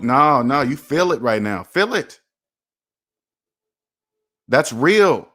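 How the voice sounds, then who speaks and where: A man's voice: on the high side, expressive, a little slow, pauses often, a bit bright. A man hosting a personal finance channel, talking straight to viewers in a preachy, repetitive, emphatic way. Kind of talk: motivational livestream talk.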